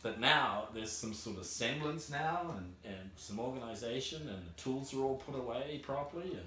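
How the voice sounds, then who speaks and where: A New Zealand man visiting as a guest, trading easygoing banter and often trailing off. His voice is very bright and sharp. He sounds far from the mic in an echoey warehouse, with faint noise behind. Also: medium pitch, lively intonation, normal speed. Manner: easygoing, banters back, trails off mid-sentence. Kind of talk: casual chat.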